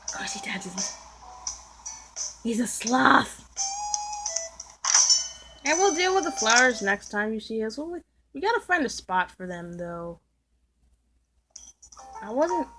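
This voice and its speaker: A woman's voice: high-pitched, bright, forceful tone. A woman casually commenting while she plays a video game, teasing and joking about the game's characters. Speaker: gameplay video host. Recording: game music playing clearly underneath. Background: game music.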